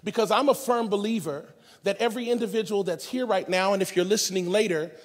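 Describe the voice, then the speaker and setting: High-voiced animated man preaching. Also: quick pace, in a large hall. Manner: animated storytelling, acting out characters in a street-slang voice. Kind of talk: energetic comedic sermon. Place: large conference hall.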